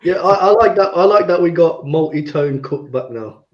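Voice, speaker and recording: A man's voice: a little high, expressive, moderate pace, highs cut off. A laid-back man co-hosting a casual football chat, swearing casually. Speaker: podcast co-host.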